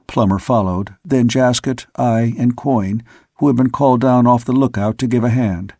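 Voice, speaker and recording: A male audiobook narrator reads in a measured storytelling manner. His voice is gravelly and husky, sitting at an ordinary pitch. The sound is close and dry, from a studio mic. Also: warm tone, no room sound. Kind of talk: scripted narration.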